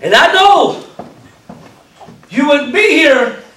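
High-voiced preacher shouting praise. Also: male voice, sing-song, slow pace, a little hiss or hum. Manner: exclaiming, laughing, shouting bursts. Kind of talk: revival sermon. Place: church sanctuary. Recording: roomy echo from far off. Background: congregation calling out.

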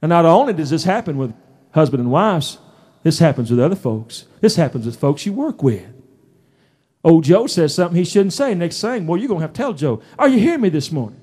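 A middle-aged man preaching a folksy, emphatic sermon in a church, his voice rising into shouts. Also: a little high, very animated, a little fast, slightly rough. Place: church sanctuary.

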